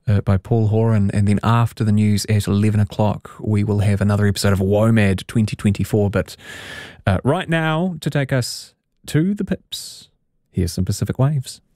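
Male radio host, mid-pitch, effusive and chatty, dry studio sound. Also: normal speed, mellow, no echo. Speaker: radio presenter. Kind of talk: radio interview and links.

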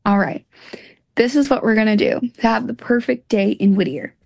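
A woman's voice: fairly high pitch, moderate pace, vocal fry, darkish tone, dry recording, studio quality. A woman from Louisiana, an interview guest in casual chat, upbeat and fond of saying y'all.

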